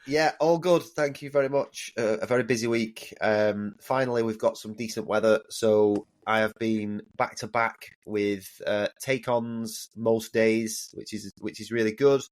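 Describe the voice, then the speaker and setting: Hesitant man, lowish voice. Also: fairly even intonation, unhurried, few pauses. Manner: hesitant, lots of ums. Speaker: podcast co-host. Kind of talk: casual podcast chat.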